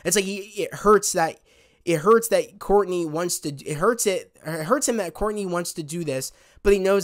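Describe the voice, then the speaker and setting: A man's voice: high voice, normal speed. A man casually reviewing a TV episode, retelling scenes in a rambling, heartfelt way. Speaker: TV show reviewer.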